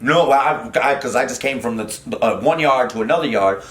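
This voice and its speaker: Middle-aged man, comedian guest, animated and profane, roomy studio echo. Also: medium pitch, normal speed. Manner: animated, profane, many fillers and restarts. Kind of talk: casual storytelling chat. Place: podcast studio.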